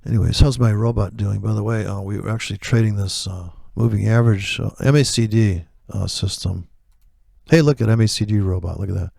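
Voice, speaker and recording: A man's voice: on the low side, a little fast, gravelly, a little mellow, no room sound, studio quality. A man giving blunt, profane commentary on his live trades, rambling through asides.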